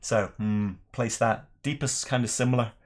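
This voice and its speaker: A middle-aged man with an accent that blends Northern Ireland with England hosts a casual whisky livestream. His voice sits at an ordinary middle pitch, and he talks in an easy, chatty way with frequent laughs. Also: normal speed. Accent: mixed Northern Irish and English. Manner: relaxed, chatty, laughs often, reads viewer questions. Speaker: whisky channel host.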